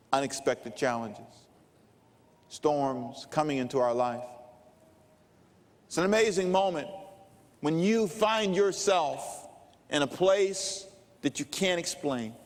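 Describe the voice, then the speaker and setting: Older male pastor, unhurried dramatic storyteller, long church reverb. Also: fairly high pitch. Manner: slow, dramatic preaching with storytelling. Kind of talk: sermon. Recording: long reverb of a large hall.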